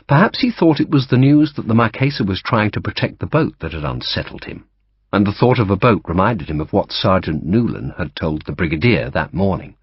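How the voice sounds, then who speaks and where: A man narrating an audiobook in a lively storytelling manner, giving each character a voice. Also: fairly low pitch, breathy edge, dry recording. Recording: dull dry audiobook recording.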